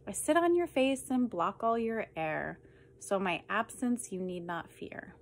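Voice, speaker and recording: A woman reading humorous poems aloud with deadpan, dry comic timing. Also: mid-range voice, a little slow. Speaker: reader.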